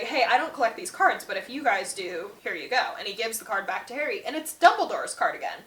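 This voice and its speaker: A woman's voice: fairly high pitch, sharp tone. Chatty woman recapping a book in a roomy echo. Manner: chatty retelling that slips in and out of the characters' quoted lines. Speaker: book channel host. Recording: roomy echo, mic at a distance.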